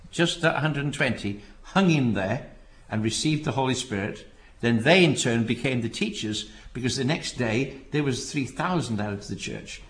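A man preaching a sermon in an earnest way, often repeating words and rising to emphatic calls to hold fast. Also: medium pitch, a bit bright. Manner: earnest, repeats phrases, rises to emphatic exhortation.

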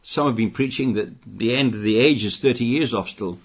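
The sermon comes from an older man from Britain whose husky, somewhat rough voice sits at middle pitch and moves fairly quickly. He repeats phrases and keeps pushing his volume up to stress each point. Sound quality is dull and lo-fi.

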